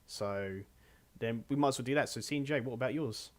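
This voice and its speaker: A man hosting a casual podcast over a voice call, with a mid-pitched, everyday tone. He rambles, stumbles over his words and restarts his sentences often. He keeps it loose and chatty, with short chuckles. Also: fairly quick. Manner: rambling, self-correcting, chuckling. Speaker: podcast host. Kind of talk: casual chat.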